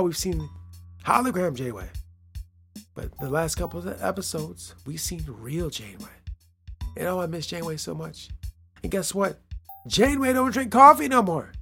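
A man's voice: sits high, gravelly, fairly bright tone, husky. A man hosting a casual solo podcast, playful and rambling, repeating phrases and laughing at his own jokes. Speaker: podcast host.

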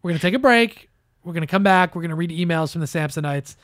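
Podcast host, male, brash and profane, higher-pitched, dry close sound. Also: lively intonation, quick pace, no echo. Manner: loud, swearing, joking, often jumps up in pitch. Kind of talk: casual chat.

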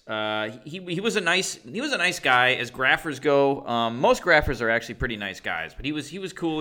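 A young man tells a story on a podcast, one step at a time. His voice has a bright, forward edge. Its pitch is ordinary, and he stays steady and conversational. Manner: measured, narrating step by step. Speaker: podcast co-host. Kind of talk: casual storytelling.

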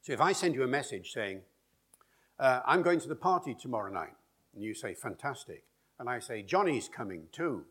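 A man's voice: medium pitch, very animated, moderate pace, fairly bright tone, breathy edge. A man giving a public talk about language, explaining with wry asides and demonstrating pronunciations. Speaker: language expert speaker. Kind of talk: public lecture and Q&A.

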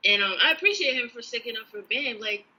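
A woman co-hosting a podcast in casual chat, with a laid-back, drawn-out way of retelling stories. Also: fairly high pitch, animated, pushed and bright, breathy edge, poor audio. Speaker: podcast co-host.

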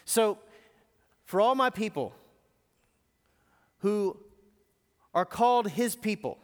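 A man's voice: high voice, lively intonation, slow pace, long pauses. A man and lead teaching pastor giving a live sermon, asking the congregation emphatic rhetorical questions. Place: church auditorium. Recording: long reverb in a live hall.

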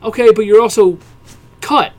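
A man's voice: high-pitched, normal speed. A man in his twenties co-hosting a casual podcast, teasing and playful. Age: 20s. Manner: teasing, playful, laughs at jokes. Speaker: podcast co-host. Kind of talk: casual chat.

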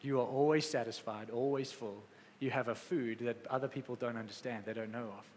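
A man preaching a sermon with passion, swinging between loud exclamations and quiet, soft stretches. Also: mid-range voice, steady tone, brisk, long reverb tail, a little hiss or hum. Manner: passionate, rising to exclamations then dropping soft.

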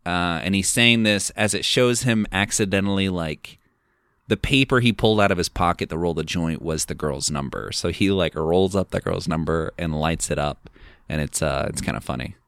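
A man's voice: low-pitched, moderate pace, vocal fry, fairly bright tone, clean tone, no echo, studio quality. A man hosting a podcast, retelling a film's plot in a rambling, casual way full of fillers. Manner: rambling, filler-heavy retelling with quoted lines. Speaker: podcast host. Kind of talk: casual film recap.

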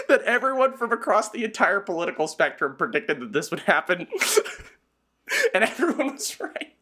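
A woman's voice: mid-range voice, huge pitch swings, moderate pace, pauses often, fairly bright tone, breathy edge. A woman co-hosting a casual podcast chat, blunt and opinionated, laughing often. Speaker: podcast co-host.

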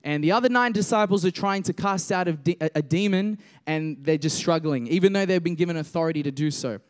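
A young man preaching a casual sermon to a congregation, reading scripture, joking with the listeners and slowing down for emphatic points. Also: a little high. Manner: conversational, jokes with congregation, builds to emphatic slow declarations.

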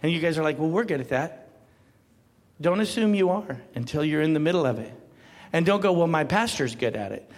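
A man preaching a sermon as pastor, swinging from quiet talk to loud, emphatic calls and laughing often. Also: fairly high pitch, lively intonation, fairly quick, big-room sound.

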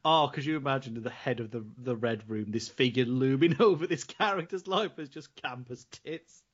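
A man's voice: medium pitch, normal speed, dull audio. A man co-hosting a casual film-review podcast, rambling, laughing often and swearing. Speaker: podcast co-host.

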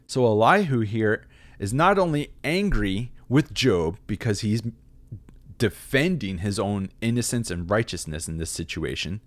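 Low-voiced man casually explaining scripture. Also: expressive, a little slow, dry recording. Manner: conversational, wry asides. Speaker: Bible teacher.

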